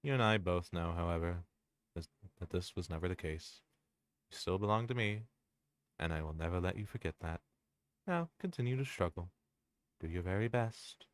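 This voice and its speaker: A man voicing a possessive, menacing female entity that is inhumanly strong as he reads game dialogue aloud, in slow, theatrical, formal speech. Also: sits low, expressive, dry recording. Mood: menacing, smothering.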